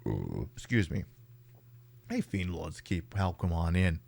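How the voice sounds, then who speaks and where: A man's voice: low-pitched, very animated, measured pace, gravelly, darkish tone. Sarcastic, swearing man playing a game. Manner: sarcastic, swears freely, talks to enemies and items. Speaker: streamer playing a video game. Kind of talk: let's-play gameplay commentary. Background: game music.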